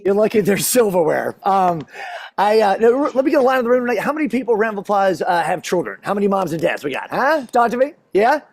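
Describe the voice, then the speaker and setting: Male stand-up comic, gravelly and breathy, lively delivery, crowd-working. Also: high-pitched, quick pace, dry recording. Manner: chatty, self-deprecating, works the crowd. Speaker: stand-up comedian. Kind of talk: stand-up comedy set. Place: stage in a comedy venue.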